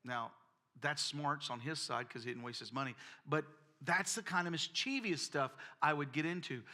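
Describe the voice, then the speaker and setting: A man's voice: a little high, normal speed, pushed and bright. A man preaching a sermon, telling folksy personal stories and often repeating words. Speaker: pastor.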